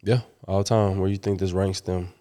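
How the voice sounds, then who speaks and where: A man's voice: sits low, flat delivery, dark tone. A man in a casual sports chat, matter-of-fact, tossing questions to the others. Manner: quick, matter-of-fact, asks others' views.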